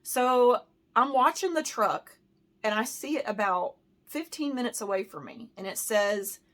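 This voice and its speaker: A woman's voice: on the high side, lively intonation, measured pace, a bit bright. Fired-up American woman telling a storytime. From United States. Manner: heated and emotional, with many "like" and "you know" fillers. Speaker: handbag vlogger. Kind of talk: casual storytime vlog.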